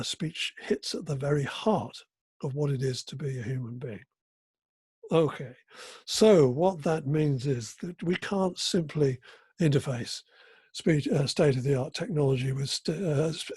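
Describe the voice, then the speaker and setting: An older man giving an academic conference keynote, talking haltingly with many fillers and restarts. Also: a little high, a little mellow, husky, no room sound. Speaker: keynote speaker.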